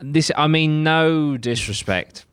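A man's voice: on the high side, takes it slowly, clean tone, dry recording, studio quality. A young man co-hosting a podcast, chatting casually and swearing a lot as he reads out facts. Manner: sweary, animated, jokey. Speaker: podcast co-host. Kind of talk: casual chat, reading out facts.

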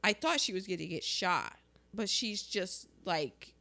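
A woman co-hosting a casual chat about a film, animated and jokey, acting out quotes as she talks. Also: mid-range voice, unhurried, vocal fry. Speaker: podcast co-host.

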